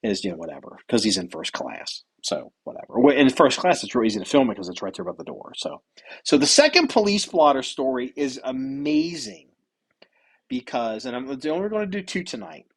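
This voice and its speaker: A man's voice: mid-range voice, very animated, fairly quick, breathy edge. A man hosting a podcast, telling stories in loose, rambling casual chat with some swearing. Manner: rambling, profane storytelling. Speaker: podcast host.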